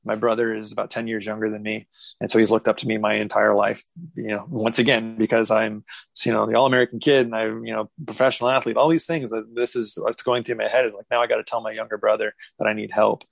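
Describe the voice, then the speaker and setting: A man in his thirties telling a candid personal story as an interview guest, halting with many restarts. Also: fairly low pitch, little pitch movement, creaky, no room sound, poor audio.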